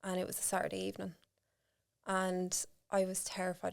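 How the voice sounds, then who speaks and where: An Irish woman in her thirties, appearing as a podcast guest, tells a personal story candidly in casual chat. Her voice is lowish, fast and gravelly, and she's animated, laughing often and acting out the voices of the people involved.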